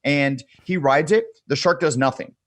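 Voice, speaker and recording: A man's voice: on the high side, moderate pace, a bit bright, dry recording. A man in his thirties, a podcast guest, telling a wild story in a casual, profane way and acting out the people he quotes.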